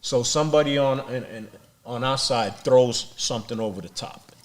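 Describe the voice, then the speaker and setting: A middle-aged man speaking as a podcast guest, his voice sitting at an ordinary middle pitch. He tells a rough story bluntly, with plenty of swearing and quick repeated words. His delivery comes across as plain-spoken and unpolished. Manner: blunt, profane, repeats words when excited. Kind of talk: street storytelling interview.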